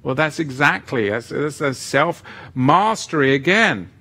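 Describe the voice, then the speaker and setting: A man's voice: a little high, lively intonation, unhurried, sharp tone, breathy edge. A man teaching a live-streamed lesson who reads the chat and greets viewers by name, with playful asides. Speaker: livestream teacher.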